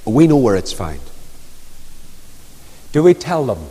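A man preaching a sermon, telling stories with lively emphasis. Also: mid-range voice, slow, breathy edge. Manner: storytelling, animated, rising and falling emphasis. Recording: long reverb of a large hall.

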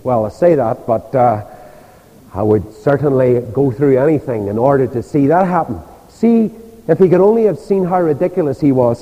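In a dull, reverberant church hall, an older Northern Irish preacher delivers a sermon full of lively stories, voicing the people in them himself. He speaks animatedly at a medium pitch and moderate pace.

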